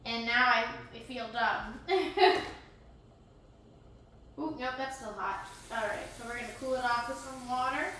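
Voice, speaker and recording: A woman's voice: on the high side, a little slow, bright, forceful tone, echoey room, slight background noise. A goofy, rambling woman, chatting casually with viewers while cooking live in her home kitchen.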